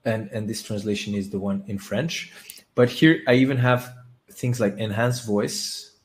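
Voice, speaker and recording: A man hosting a live webinar, talking casually and haltingly with many restarts while he demonstrates software on screen. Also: lowish voice, fairly even intonation. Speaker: webinar host.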